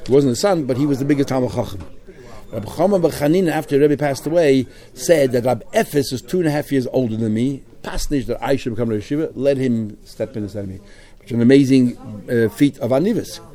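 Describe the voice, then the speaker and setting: A man leads a Talmud class at a brisk clip. He reads each phrase in the original, then talks it through in English. His voice has a dark, mellow tone. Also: mid-range voice. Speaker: Talmud teacher. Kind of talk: Talmud class, reading Aramaic and translating.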